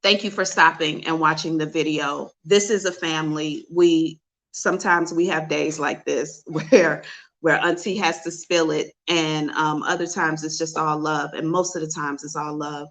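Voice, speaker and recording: A psychic host opens her heart to her livestream audience, speaking straight into the camera. Her voice sits a little low but comes across bright and tense. She talks in a direct, confessional way. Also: fairly even intonation, moderate pace. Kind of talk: heartfelt livestream talk to viewers. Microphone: webcam.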